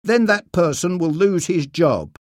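A man doing a firm, commanding judge in a read-aloud story, voiced a bit higher and louder than his narration. The judge talks slowly and with authority, in a dry, close recording. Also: lively intonation, dry recording. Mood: stern. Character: stern male judge, older, protective.

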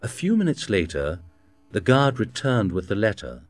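A man reading a storybook aloud in a slow, clear narration. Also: lowish voice, huge pitch swings, a little hiss or hum. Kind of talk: scripted narration.

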